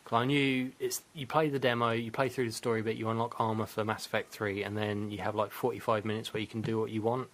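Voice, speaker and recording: A man's voice: fairly low pitch, little pitch movement, fast talker, hardly any pauses. A man hosting a gaming podcast in casual, rambling chat, laughing often at himself. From Britain. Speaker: podcast host.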